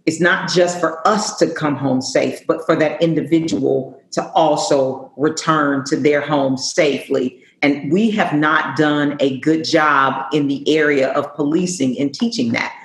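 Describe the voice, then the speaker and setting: A woman's voice: sits low, fairly even intonation, a little slow, few pauses. Woman police chief on a panel, earnest and emphatic, roomy echo. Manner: earnest, emphatic, repeats words while thinking. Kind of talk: panel discussion answer.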